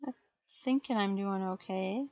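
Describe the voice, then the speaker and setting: A woman's voice: mid-range voice, unhurried, dry recording, highs cut off. A woman live streaming as she paints miniatures, chatting casually and self-deprecatingly while answering her chat.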